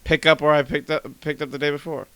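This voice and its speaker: A young man talking loosely on a podcast, rambling from one thought to the next and swearing freely. His voice is smooth and clear. The sound is dry and close. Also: on the high side, fast, dry recording. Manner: rambling, animated, swears a lot. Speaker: podcast host. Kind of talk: casual chat.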